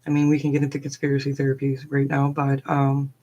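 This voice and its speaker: A woman's voice: a bass voice, monotone, fast, warm tone, dull audio. A middle-aged woman, a forest therapy guide, telling a personal story on a live stream in a chatty, rambling way full of fillers.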